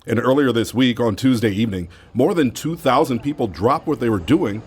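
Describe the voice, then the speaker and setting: A man hosting a radio talk show, reading an introduction and asking an interview guest questions in a measured way. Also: mid-range voice, lively intonation, noisy background. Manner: measured, friendly questioning with brief backchannels. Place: radio studio.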